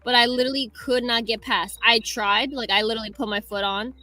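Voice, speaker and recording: A woman's voice: a little high, fairly even intonation, fast talker, pushed and bright, soft background music. A woman chatting casually, full of fillers. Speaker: livestream co-host. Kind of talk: casual chat.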